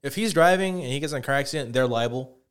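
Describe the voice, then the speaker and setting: A man's voice: mid-range voice, fast, clean tone. A man in his twenties co-hosting a podcast, casually telling a story full of swearing and acted-out quotes. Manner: profane, animated, acts out quotes. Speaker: podcast co-host.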